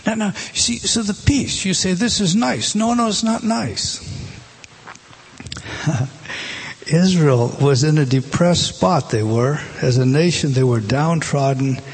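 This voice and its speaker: A man's voice: on the high side, expressive, slow, a little hiss or hum. A middle-aged man preaching a conversational Bible-teaching sermon, asking his listeners rhetorical questions and reading scripture aloud with feeling.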